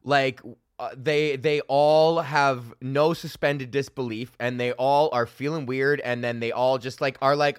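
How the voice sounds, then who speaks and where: A man's voice: medium pitch, fairly even intonation, moderate pace, clear, resonant tone, dry recording. A young man hosting his podcast as a stand-up comedian, ranting in a loose, profane, rambling way full of fillers, into a studio mic on a stand. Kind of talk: casual ranting monologue.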